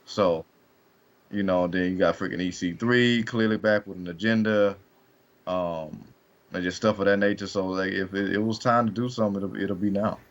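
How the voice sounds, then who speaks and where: A man's voice: deep voice, fairly even intonation, moderate pace. A man co-hosting a podcast, laid-back and rambling in casual chat. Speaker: podcast co-host. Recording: dull lo-fi mic.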